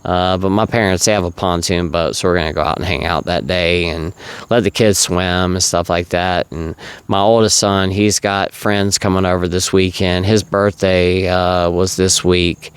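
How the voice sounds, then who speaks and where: Deep, smooth-voiced man rambling earnestly. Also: steady tone, moderate pace, no room sound. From South Carolina. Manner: rambling, earnest, filler-heavy. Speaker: recovery vlogger. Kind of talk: casual monologue to camera.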